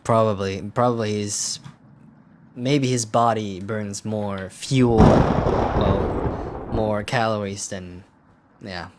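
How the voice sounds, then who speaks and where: Low-voiced sardonic male gameplay streamer. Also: fairly even intonation, takes it slowly, pauses often, background noise. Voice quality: profane, sardonic. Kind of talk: casual gameplay commentary, reading game text aloud.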